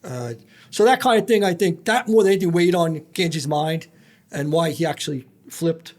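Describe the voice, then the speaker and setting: This man, formerly a federal agent, trades profane, no-nonsense anecdotes full of quoted exchanges during a casual podcast interview. His voice is fairly high and he keeps a moderate pace.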